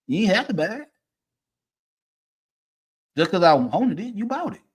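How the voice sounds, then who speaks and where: A man, ranting casually and profanely, swinging from low mutters to loud, emphatic bursts. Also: big pitch swings, measured pace, husky. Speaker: streamer giving opinions.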